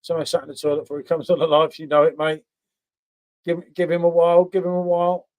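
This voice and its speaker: A man's voice: fairly high pitch, completely flat delivery, quick pace, darkish tone. A man hosting a casual beer review livestream, chatting with viewers by name and tagging questions onto his sentences. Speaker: beer review channel host.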